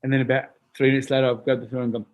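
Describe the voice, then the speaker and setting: An Australian man telling stories in a casual chat, animated and swearing freely, acting out the other people's voices. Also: medium pitch, very fast. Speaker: guest, retired boxer. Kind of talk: casual storytelling.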